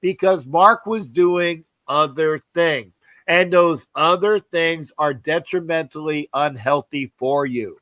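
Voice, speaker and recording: A man's voice: fairly high pitch, slow pace, fairly bright tone, no room sound. Rambling man host, dry close sound. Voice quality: rambling, repeats words, jokes. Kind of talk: casual sports talk.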